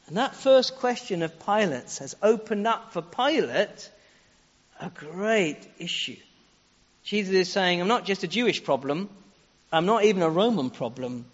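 A man preaching a sermon, earnest, leaning on rhetorical questions and shifting his pace for emphasis. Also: sits high. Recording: echoey hall, dull lo-fi sound.

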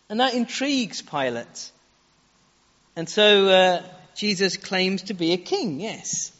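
A man's voice: high voice, measured pace, fairly bright tone. A man preaching a sermon, earnest, leaning on rhetorical questions and shifting his pace for emphasis. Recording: echoey hall, dull lo-fi sound.

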